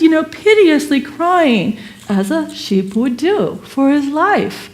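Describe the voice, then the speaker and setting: A woman with a fairly high voice telling a parable during a Sunday sermon. She is animated and expressive, and she changes her pitch and loudness freely as the story unfolds. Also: slow pace. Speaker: speaker at a Sunday service.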